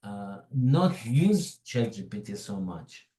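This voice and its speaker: Man, foreign accent, webinar presenter, chatty digressions, warm low-key timbre, echoey room. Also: sing-song, slow pace. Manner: digressive, chatty asides while explaining. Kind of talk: informal tech webinar talk.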